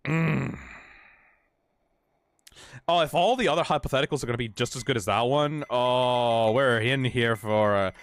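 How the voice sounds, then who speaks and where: A man's voice: mid-range voice, normal speed, long pauses, no room sound. A man streaming a game live, reading the dialogue aloud and reacting with emotional exclamations and swearing.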